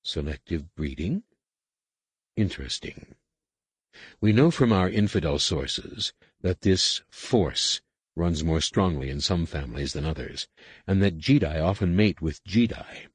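A man's voice: sits low, lively intonation, unhurried, husky, no room sound, exaggerated voice. A man reading the part of a stern, commanding alien female master scientist in an audiobook, with brusque, clipped orders. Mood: cold.

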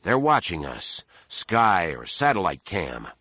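A man voicing a tough male space smuggler in a gruff, dismissive way. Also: deep voice, sing-song, takes it slowly, pushed and bright, no room sound, studio quality, full character voice.

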